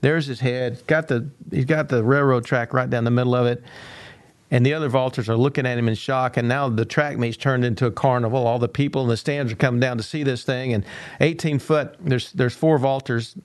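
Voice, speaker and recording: An older man, a coach and university teacher, giving a motivational talk as an animated storyteller who acts out quoted dialogue and repeats words now and then. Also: mid-range voice, fairly quick, dry recording.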